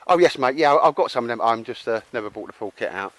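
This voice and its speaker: A man's voice: medium pitch, animated, fast, a bit bright. A man with a Cockney accent chatting casually outdoors while showing a tarp shelter, laddish and calling everyone mate. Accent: London Cockney. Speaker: outdoor gear vlogger. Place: outdoors at a campsite.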